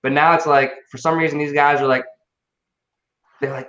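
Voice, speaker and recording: A man co-hosting a casual livestream, talking in a profane, rambling, excitable way. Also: medium pitch, fairly quick, pauses often. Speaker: livestream co-host. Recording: lo-fi roomy online stream audio.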